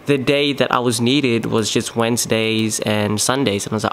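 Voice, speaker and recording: A man's voice: medium pitch, flat delivery, moderate pace. Young man rambling casually. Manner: rambling, many fillers and restarts. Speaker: podcast host. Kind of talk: casual solo storytelling. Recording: faint background noise.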